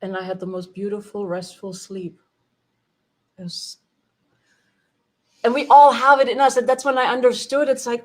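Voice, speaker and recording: A woman's voice: a little high, normal speed, long pauses. A woman sharing an emotional personal testimony, laughing often and acting out the dialogue she recalls. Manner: animated, laughing often, acts out quoted dialogue. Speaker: retreat participant sharing her experience.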